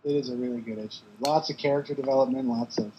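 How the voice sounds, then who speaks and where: A man co-hosts a podcast, dropping dry, wry remarks into the conversation at a middle pitch. His audio comes through muffled and lo-fi, with a faint hiss underneath. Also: steady tone, fast. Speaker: podcast co-host. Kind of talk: casual chat. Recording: dull lo-fi line with faint noise.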